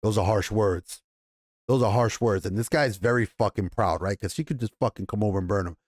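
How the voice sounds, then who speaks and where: A show reviewer with a New York accent casually recaps and reviews an episode, swearing freely and acting out the characters' lines. His voice is lowish, a little mellow and fairly quick, recorded dry with studio quality.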